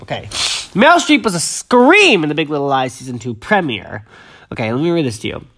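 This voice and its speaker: A woman hosting a podcast in casual chat, reading an article aloud with chatty, digressive, gushing asides. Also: extremely low pitch. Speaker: podcast host.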